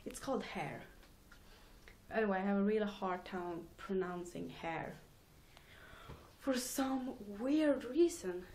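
A woman's voice: medium pitch, slow pace, a little mellow, slight background noise. A teenage girl rambling casually in a home vlog, giggling and mocking herself between thoughts. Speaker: vlogger.

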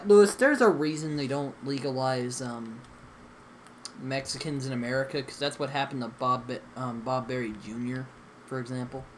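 Young guy gaming w friends, mid pitch, rambly and hesitant, lots of um and you know, faint hum behind. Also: moderate pace. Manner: rambling, hesitant, many fillers and restarts. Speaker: gaming channel host. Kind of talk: casual gaming chat with friends.

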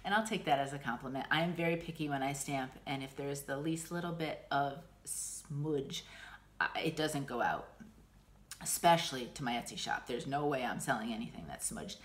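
A middle-aged American woman chatting casually and warmly about her stitching haul, gushing and emotional, restarting often. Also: rumbling low, normal speed. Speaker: cross-stitch vlogger. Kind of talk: casual chat.

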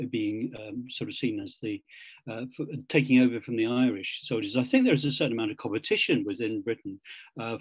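A man on a book-launch panel, speaking in an academic discussion, halting with many ums and repeated words, on a video call. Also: mid-range voice, husky, no room sound. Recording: dry, dull video-call audio.

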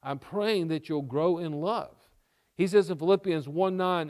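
A man's voice: fairly high pitch, measured pace, darkish tone. A male pastor preaching a sermon, repeating key lines for emphasis and checking in with the congregation with "okay?" and "all right?".

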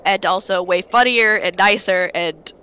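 A woman chatting on a stream, narrating in a deadpan way and telling casual, profanity-laced stories. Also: mid-range voice, unhurried, slight background noise. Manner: casual storytelling, heavy swearing. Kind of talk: casual chat on a game stream. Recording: music playing behind.

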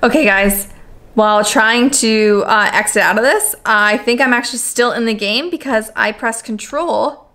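A young woman playing a horror game on her channel, excitable and swearing, repeating herself in panic. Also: on the high side, moderate pace. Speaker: gaming YouTuber. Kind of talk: horror game let's play commentary.

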